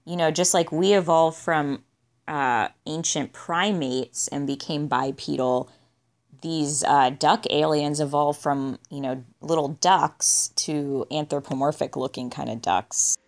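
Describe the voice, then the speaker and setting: Low-pitched woman, casual podcast co-host, dry and offhand. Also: steady tone, measured pace. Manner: dry, musing, trails off with "I guess". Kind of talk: casual movie discussion.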